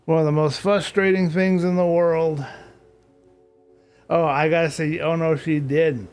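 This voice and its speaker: A man's voice: fairly high pitch, flat delivery, measured pace, a little mellow, clean tone, soft background music. A man chatting casually to viewers during a live game stream, talking to himself and grumbling mildly about technical glitches. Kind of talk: casual live-stream chat while gaming.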